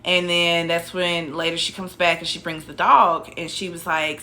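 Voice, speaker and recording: A woman's voice: lowish voice, little pitch movement, moderate pace, few pauses, pushed and bright. A young woman casually telling a personal story, rambling with restarts and asides.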